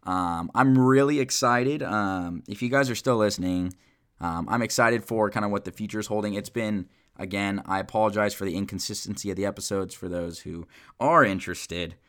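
A young man hosting a podcast, telling a childhood story in a casual, animated way, with lots of fillers and acted-out quotes. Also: fairly low pitch, normal speed, smooth. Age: young adult. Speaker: podcast host.

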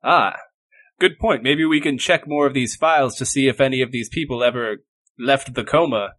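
A man's voice: medium pitch, moderate pace, fairly bright tone. A man playing a tabletop game who talks in a joking, playful way. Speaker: player. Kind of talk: casual tabletop game play.

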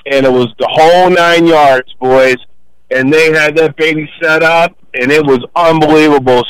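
An older man calling into a sports radio show, telling a story loudly and acting out the voices as he goes. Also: on the high side, clean tone, no room sound. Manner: boisterous storyteller, acts out voices. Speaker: caller. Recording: phone line.

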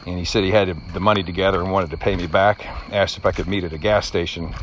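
A man's voice: sits low, steady tone, fast, fairly bright tone, dull audio, a little hiss or hum. A middle-aged man telling a personal story in an earnest, reflective way, slightly choked up.

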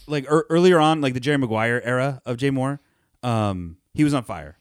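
A man's voice: mid-range voice, animated, brisk, smooth, dry recording, studio quality. Wry, rambling man in casual chat. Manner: rambling, wry, frequent restarts and laughs. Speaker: podcast co-host.

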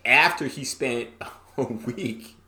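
A man co-hosting a podcast in casual political chat, animated and quick to mock others in high put-on quotes. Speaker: podcast co-host. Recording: roomy echo.

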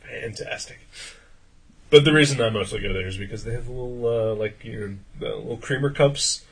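A man's voice: mid-range voice, normal speed, a bit bright, slightly rough, low-quality recording. A man co-hosting a podcast, telling casual stories with lots of filler words and frequent swearing. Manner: rambling storyteller, many "uh" fillers, swears freely. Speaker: podcast co-host. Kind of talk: casual chat.

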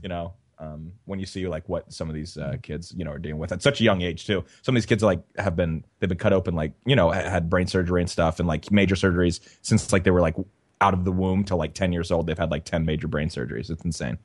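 A man with a fairly low voice, talking casually on a podcast. He rambles through a story with lots of "like" and "you know", stopping and restarting as he goes. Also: steady tone, quick pace. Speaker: podcast co-host. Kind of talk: casual chat.

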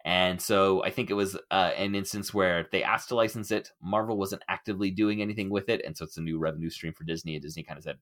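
A middle-aged man hosting a casual podcast discussion, animated and laughing often as he acts out quotes. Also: low-pitched, quick pace. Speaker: podcast host.

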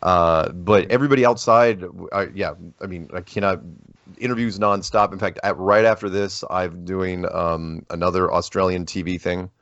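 A man as an interview guest, talking casually and telling rambling, animated stories with many restarts. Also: low-pitched, moderate pace, no echo. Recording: dull lo-fi dry audio.

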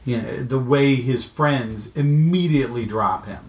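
A man's voice: medium pitch, a little slow, darkish tone. Wry man chatting in an echoey room. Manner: wry, meandering, with frequent restarts. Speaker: podcast co-host. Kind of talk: casual movie-discussion chat. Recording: echoey room with faint noise.

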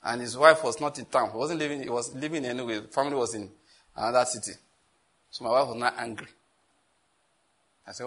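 A man with a Nigerian accent preaching a sermon as pastor, animated and telling stories with asides. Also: mid-range voice, brisk, long pauses.

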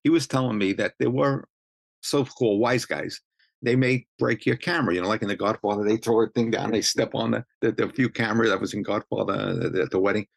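A man's voice: on the low side, fairly even intonation, fairly quick, creaky, no room sound. A man, telling stories in casual chat, rambling with many restarts. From Brooklyn, New York. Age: 70s. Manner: rambling, full of restarts and you-knows. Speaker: interviewee, street photographer.

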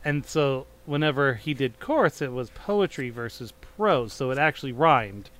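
A man's voice: medium pitch, animated, moderate pace, fairly bright tone. A man co-hosting a podcast who chats casually and reads old-style verse aloud with theatrical flair. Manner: theatrical when reading aloud, chatty otherwise. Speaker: podcast co-host. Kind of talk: casual chat with dramatic verse reading. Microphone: studio microphone.

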